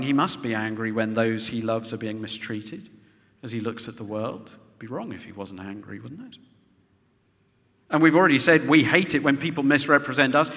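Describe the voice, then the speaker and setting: A man's voice: medium pitch, a bit bright. A man preaching a sermon to a congregation, often ending points with rhetorical tag questions. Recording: long reverb of a large hall.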